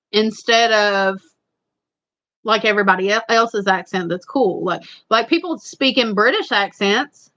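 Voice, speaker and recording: A woman's voice: on the high side, sharp tone, dull audio. A woman with a strong Eastern Kentucky Appalachian accent, chatting casually and at length to viewers as a livestream host. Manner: rambling, repetitive, chatty. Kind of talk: casual live chat.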